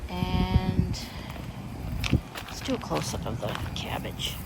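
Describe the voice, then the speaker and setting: A woman's voice: on the low side, lively intonation, slow. A middle-aged woman giving a casual walking tour of her backyard garden, chatty and self-deprecating as she points things out. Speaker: gardening vlogger. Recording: loud outdoor background noise.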